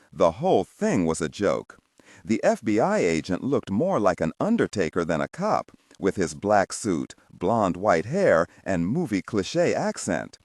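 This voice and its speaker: Low-voiced man narrating an audiobook. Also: darkish tone, no echo, clean studio sound. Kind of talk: scripted narration.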